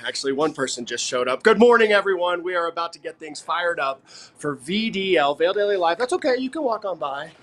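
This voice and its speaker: A man's voice: on the high side, fairly bright tone, a little hiss or hum. Playful man hosting live from outdoors. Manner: playful, jokey, addresses passersby. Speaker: morning show co-host reporting on location. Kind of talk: casual live morning show banter. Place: outdoors at a quiet ice rink.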